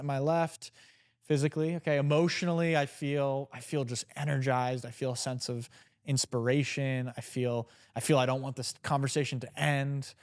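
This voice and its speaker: A man's voice: medium pitch, a little mellow, clean tone. A man being interviewed on a podcast, talking in a reflective, coaching way about emotions and self-awareness. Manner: reflective, coaching tone with frequent restarts. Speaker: guest entrepreneur. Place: seated in a chair indoors.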